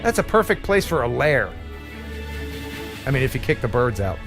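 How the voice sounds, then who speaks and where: An American man hosting a casual livestream chat, jokey and quick to laugh. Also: mid-range voice, music in the background. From United States. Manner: jokey, laughs often, animated. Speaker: host.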